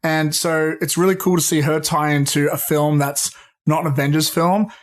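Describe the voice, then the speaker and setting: Brief: male podcast co-host, a touch high-pitched, excitable, profane, calls people "dude". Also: normal speed. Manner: excitable, swears freely, says "dude". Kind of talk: casual pop-culture chat.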